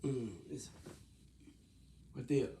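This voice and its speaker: A man's voice: mid-range voice, fairly even intonation, very slow, noisy background. A man talking casually in a rambling way, repeating himself and coaxing his listener with questions. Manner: repetitive, coaxing questions with many restarts.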